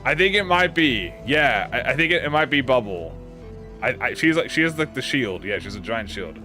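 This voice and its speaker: Male game streamer, casual chat, animated pitch, swears, stammers and restarts, faint music behind. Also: normal speed. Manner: rambling, profane, with stammered restarts.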